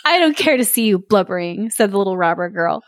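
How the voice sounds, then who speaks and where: Woman, podcast host, fairy tale read-aloud, playful character voices, mid pitch, dry close sound. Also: expressive, fast talker, no echo. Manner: reads with playful voices and laughs. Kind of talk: storybook read-aloud with chat.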